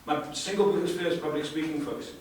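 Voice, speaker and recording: A sales trainer speaking emphatically to a live audience, asking rhetorical questions and repeating words for effect. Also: male voice, on the high side, a little fast. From South Africa. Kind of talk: live seminar talk. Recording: echoey room, far from the mic, faint hiss.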